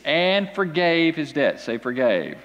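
A man preaching a sermon to a congregation, telling a scripture story with animated, dramatic delivery and big swings in pitch. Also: normal speed, big-room sound, slight background noise. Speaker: pastor. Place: church hall with an audience.

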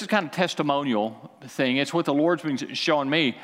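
A man's voice: on the high side, animated, moderate pace, fairly bright tone, in a large hall. A man preaching a sermon, emphatic and repeating key lines for the congregation to say back. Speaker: pastor.

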